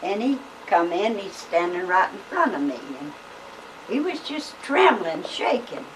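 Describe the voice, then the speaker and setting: A woman's voice: medium pitch, sing-song, moderate pace. An older woman, telling family stories in a folksy, rambling way with lots of fillers. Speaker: family storyteller. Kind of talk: casual storytelling. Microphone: camcorder microphone. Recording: home video camera from a distance, faint hiss.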